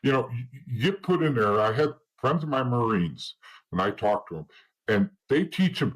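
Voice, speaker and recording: A man's voice: mid-range voice, big pitch swings, a little fast, husky, rough recording. A middle-aged man telling his life story as an interview guest, blunt and rambling, often restarting and saying "you know.". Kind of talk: candid personal storytelling in an interview.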